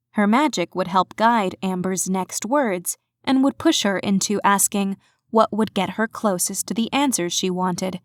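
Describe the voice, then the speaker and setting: A woman narrating an audiobook with steady, expressive storytelling. Her voice is middle-pitched and sounds dry, close to a studio mic. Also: no room sound.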